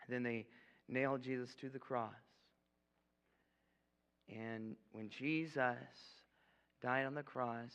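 In a church sanctuary, a young guest preacher delivers a casual, joking sermon that ends in an altar call, frequently tossing in "okay?" His mid-range, fairly bright voice is unhurried with frequent pauses, captured in an echoey hall with dull lo-fi sound.

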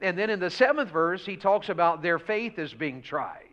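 A pastor preaches a folksy revival sermon and keeps putting questions to his congregation. His voice is high-pitched, expressive and slightly bright, at a normal pace. The church recording is dull and lo-fi.

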